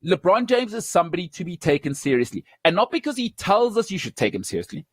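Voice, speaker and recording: A man's voice: high-pitched, sing-song, fast, slightly rough, dry recording. A South African man hosting a sports talk show, chatty and opinionated, wandering into side stories and laughing at himself.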